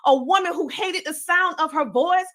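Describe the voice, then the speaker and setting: A woman's voice: extremely high pitch, normal speed, sharp tone. A woman from the Southern United States with a country twang, giving an emphatic, preacher-like motivational speech as a podcaster and coach.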